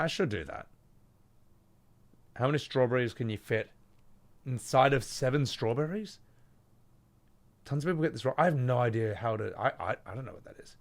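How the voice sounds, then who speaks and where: A man streaming live, arguing with an AI chatbot, excitable and quick to shout with laughter and swear. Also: medium pitch, vocal fry.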